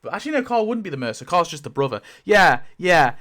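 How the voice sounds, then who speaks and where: A man's voice: high voice, quick pace. A man giving casual, rambling commentary full of fillers as a YouTuber spinning a wheel. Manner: rambling, lively, many fillers and laughs.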